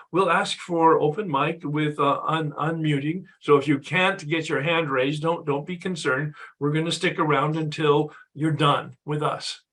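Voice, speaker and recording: A man's voice: a little high, a bit bright. A man leading an online recovery workshop, sharing his own experience in a reflective way before opening the floor for questions. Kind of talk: reflective talk to an online group.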